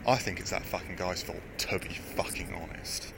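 A man's voice: low voice, normal speed, creaky, noisy background. A man telling rambling, sweary anecdotes in casual chat, often laughing as he goes.

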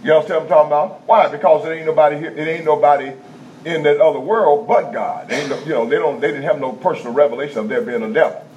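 A man preaching a teaching sermon in a conversational style, checking in with the congregation and repeating key points slowly in vernacular speech. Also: on the high side, darkish tone. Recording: dull lo-fi sound with faint background noise.

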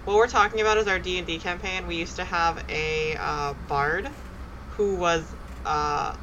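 A woman in casual chat, giggling often and telling stories quickly. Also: on the low side, fairly even intonation, dull audio, background noise.

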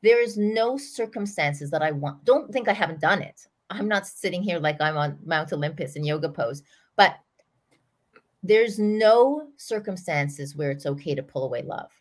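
A middle-aged woman, a parenting coach, talking through an example in an earnest, animated way as a podcast guest. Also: on the low side, moderate pace. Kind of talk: storytelling explanation in an interview.

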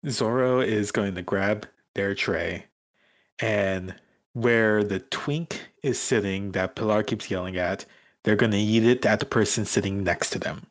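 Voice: deep voice, measured pace. Brief: wry tabletop player, dry jokes, swears. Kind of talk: tabletop role-play.

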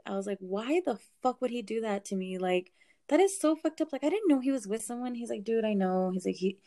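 A young woman casually telling a story, animated, swearing and laughing as she goes. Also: a little high, creaky.

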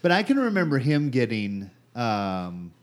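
A man's voice: medium pitch, wildly swooping pitch, measured pace. A man in his forties co-hosting a podcast, chatting casually and trailing off in loose, rambling sentences. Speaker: podcast co-host. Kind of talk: casual chat.

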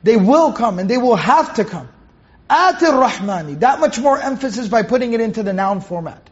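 A man with a high-pitched voice teaches a Quran commentary lesson. He patiently explains Arabic words and stops to correct himself mid-sentence. The recording sounds dull and lo-fi. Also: lively intonation, moderate pace.

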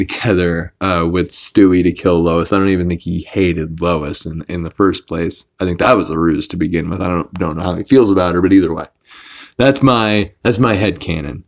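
A young man hosting a podcast, casually recapping a cartoon episode in a rambling, profane way with many restarts and fillers. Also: low-pitched. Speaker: podcast host.

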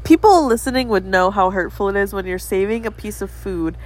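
A woman's voice: medium pitch, brisk, low-quality recording. A woman co-hosting a casual podcast, playful and whiny, making mock threats at her co-host. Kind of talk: casual chat.

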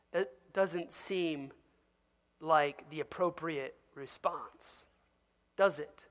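A pastor preaching with animated, conversational energy. The voice sits at a middle pitch and keeps turning to the listeners with direct questions. Quoted voices are acted out along the way. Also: extremely slow. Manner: asks the audience direct questions. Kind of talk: sermon.

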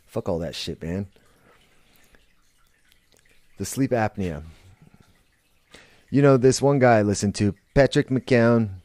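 Male podcast host, deep dark voice, unhurried, swears freely, rambles and restarts. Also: animated, no echo. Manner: blunt, profane, rambling with restarts. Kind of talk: casual monologue.

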